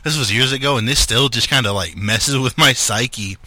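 A man's voice: medium pitch, normal speed, sharp tone. A man co-hosting a podcast, joking crudely, laughing often and telling an anecdote. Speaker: podcast co-host. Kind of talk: casual chat.

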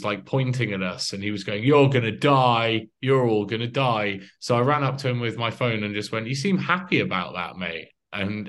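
Male interviewer, low voice, animated anecdotal delivery. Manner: animated storytelling, acts out quotes. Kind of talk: casual conversational interview.

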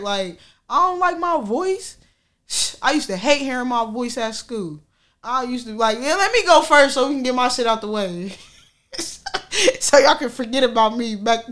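A woman's voice: on the high side, a bit bright. A woman telling viewers a personal story in a frank, slangy, profane way, laughing often. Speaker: vlogger sharing a personal story. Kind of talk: candid casual storytelling to viewers.

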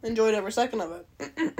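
A woman's voice: on the high side, expressive, moderate pace, warm tone, slightly rough. A young Canadian woman hosting a podcast, rambling casually, swearing a lot and laughing often. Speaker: podcast host. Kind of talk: casual solo chat.

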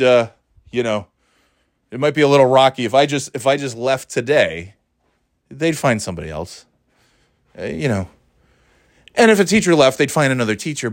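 A man's voice: medium pitch, dry recording, studio quality. A middle-aged man talking in a casual, rambling monologue, profane and sardonic, often restarting his sentences.

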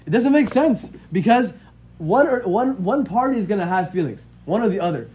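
A religious teacher in his twenties recounts a religious story in a relaxed, chatty manner, often asking "right?". His voice sits high and is sing-song and a little mellow at a normal pace, captured in dull lo-fi audio with faint hiss.

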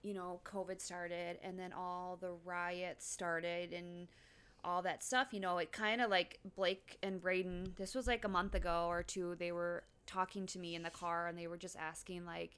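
A woman's voice: on the low side, little pitch movement, moderate pace, a bit bright, smooth. A woman in her thirties co-hosting a casual podcast, agreeing often and chiming in. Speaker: podcast co-host. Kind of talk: casual chat.

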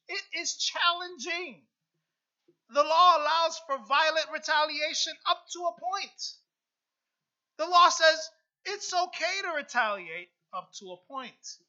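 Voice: sits high, sharp tone, muffled recording. A pastor preaching a sermon and reading scripture, earnest, repeating phrases and asking "right?" often. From United States.

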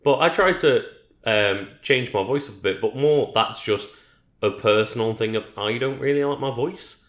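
A man's voice: mid-range voice, moderate pace, fairly bright tone. A man from Liverpool co-hosting a podcast, chatting casually and hesitantly with lots of fillers. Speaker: podcast co-host. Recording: echoey room.

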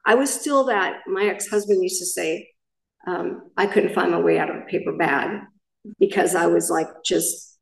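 A woman's voice: on the low side, moderate pace, vocal fry, far from the mic. Middle-aged woman, main speaker at a recovery meeting; candid, rambling share with restarts; picked up from afar in a reverberant room. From Southern California. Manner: candid, rambling storytelling with self-corrections.

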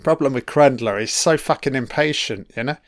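A man doing a casual, profane film commentary, heckling the characters on screen, his throat a little croaky from illness. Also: medium pitch, brisk, dry recording, studio quality. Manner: profane, talks back at the screen.

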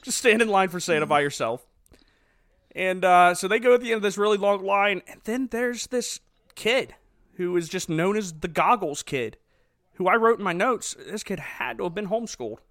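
A man's voice: sits high, expressive, normal speed, a bit bright, no room sound, studio quality. A man who is a father, chatting casually and animatedly as he recaps a movie's plot, laughing often. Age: adult father. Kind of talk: casual chat retelling a movie.

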